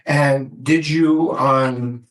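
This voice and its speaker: A man's voice: medium pitch, fairly even intonation, a bit bright. Lawyer guy in court asking yes/no questions, lots of uhs, sounds far off. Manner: halting, filler-heavy questions. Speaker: defense attorney.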